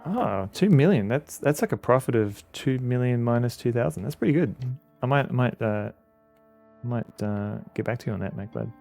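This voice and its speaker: A man with an Australian accent streaming a game, chatting casually in a halting, rambling way with many fillers. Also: medium pitch, animated, vocal fry, dark tone, soft background music. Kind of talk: casual commentary while playing a game.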